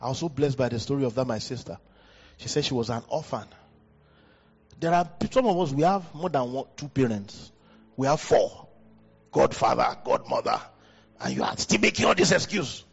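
A pastor with a West African accent preaching a sermon into a handheld mic, leaping up in pitch for emphasis. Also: male voice, moderate pace, creaky, breathy edge. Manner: animated preaching, jumps high in pitch for emphasis. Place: church hall. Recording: dull hall recording with long reverb.

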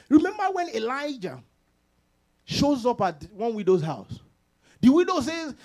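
A man preaching a sermon as pastor, animated, laughing often and acting out quoted voices. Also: very high-pitched, moderate pace, pauses often.

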